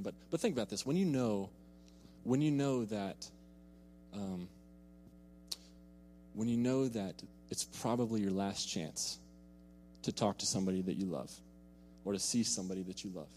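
A man's voice: on the low side, a little mellow, a little hiss or hum. A young man preaching a sermon, telling a personal story in an earnest way and repeating words when he is emphatic. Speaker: pastor. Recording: long reverb in a large hall.

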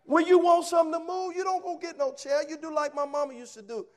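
A man's voice: very high-pitched, fairly even intonation, quick pace, darkish tone. A man preaching a sermon, emphatic and punchy, telling folksy stories and asking rhetorical questions. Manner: emphatic, punchy short phrases.

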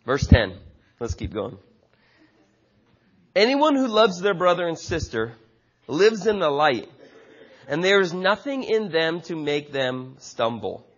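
A man's voice: fairly high pitch, very animated, takes it slowly, pauses often, a bit bright, dull audio. A man preaching a sermon with passionate, emphatic delivery and frequent repetition. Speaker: pastor.

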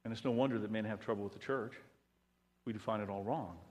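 A male pastor preaching a sermon, swinging between loud emphatic passages and hushed ones. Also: lowish voice, fairly even intonation, quick pace. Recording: long reverb of a large hall.

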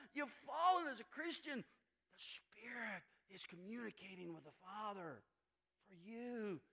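Bright, lively-voiced preaching man. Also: gravelly. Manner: preaches with big swings between loud emphatic lines and quiet low asides; reads scripture aloud and comments on it verse by verse. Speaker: pastor. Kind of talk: sermon.

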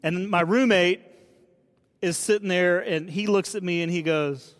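Male pastor, late 30s, chatty storytelling sermon, voice a touch high, hall reverb. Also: a little slow. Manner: conversational storytelling, asks the audience questions.

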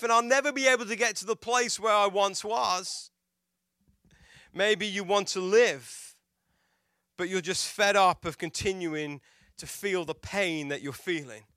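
A pastor preaching a sermon in a high, bright voice with a smooth, clear tone. He tells stories and asks his listeners questions. He swings from loud, emphatic lines to hushed, quiet ones, recorded dry and close. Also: no room sound. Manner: dramatic swings between loud and hushed delivery; storytelling with rhetorical questions to the congregation.

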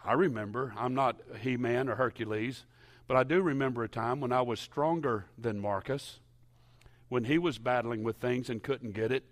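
A man preaching a sermon in a church, telling stories and at times rising to loud, impassioned shouting. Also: mid-range voice, moderate pace. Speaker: pastor.

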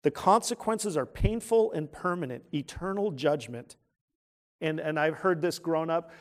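Conversational preacher with a higher voice. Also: male voice, moderate pace. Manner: conversational, asks the congregation questions; drops to a hushed tone for serious points. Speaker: pastor. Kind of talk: sermon.

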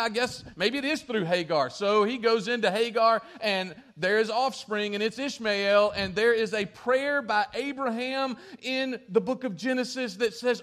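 A man preaching a sermon, telling the story with lively shifts in volume and acting out quoted lines. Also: sits high. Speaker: pastor.

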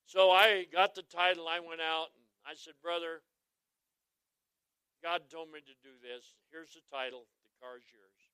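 A man preaching a humorous sermon, telling folksy stories and asking the crowd to answer him, swinging from quiet asides to loud exclamations. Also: fairly high pitch, fairly even intonation, measured pace, smooth, no echo, poor audio. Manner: folksy, joking, asks the crowd for responses. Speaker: traveling evangelist.

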